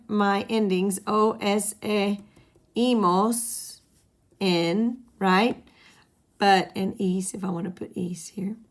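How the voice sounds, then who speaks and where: A woman's voice: mid-range voice, a bit bright. A woman teaching a Spanish grammar lesson to her students, patiently explaining and having them repeat rules back. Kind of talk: classroom lesson at a whiteboard.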